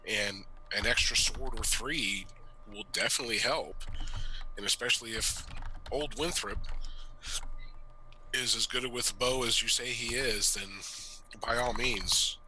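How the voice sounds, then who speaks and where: A man's voice: mid-range voice, unhurried, pauses often, pushed and bright, slight background noise, low-quality recording. A man playing his character in a tabletop game, talking earnestly about the plan and laughing easily. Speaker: player.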